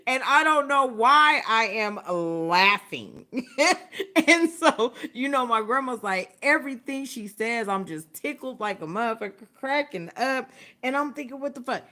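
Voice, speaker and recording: A woman's voice: fairly high pitch, animated, a little slow, pushed and bright. A woman hosting a livestream, telling a story in casual, profane talk and laughing often. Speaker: livestream host. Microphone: phone or webcam, livestream.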